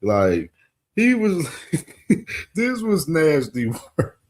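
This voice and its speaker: Excitable host with a lively voice. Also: male voice, a little high, very slow. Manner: excitable, laughing, keeps saying "you know what I mean". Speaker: host reacting to clips. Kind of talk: casual reaction commentary.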